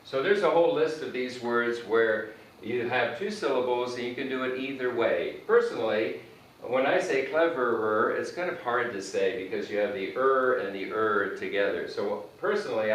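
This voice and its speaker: A man's voice: medium pitch, moderate pace, a bit bright. A man teaching English grammar who spells words out letter by letter and repeats each example sentence while writing on a board. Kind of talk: grammar lesson. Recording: echoey room, mic far off, faint background noise.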